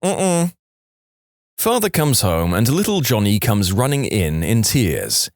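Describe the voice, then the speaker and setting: A man tells jokes for a podcast in an animated, playful way. His pitch leaps high and drops low as he goes. The sound is dry and close to the mic. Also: measured pace, no echo. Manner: animated, slips into funny character voices. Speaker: podcast narrator. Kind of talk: joke storytelling narration.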